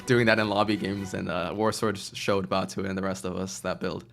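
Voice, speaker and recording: An American man from Chicago casting a live strategy game, calm and analytical. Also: low-pitched, normal speed, vocal fry. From Chicago, United States. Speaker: esports caster.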